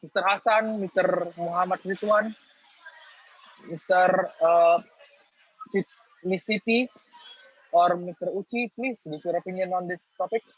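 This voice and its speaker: A man's voice: high voice, steady tone, unhurried, pauses often, slightly rough, no room sound. A man moderating an online group discussion, politely calling on participants. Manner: polite, formal, calls on people. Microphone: video call. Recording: dry, dull video call audio.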